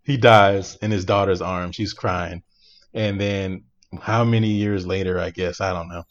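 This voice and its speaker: A low-voiced man tells a movie plot in a loose, animated way, with lots of fillers, and he laughs often. He is co-hosting a casual podcast. The sound is dull and lo-fi. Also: measured pace. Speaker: podcast co-host. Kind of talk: casual chat, recapping a movie.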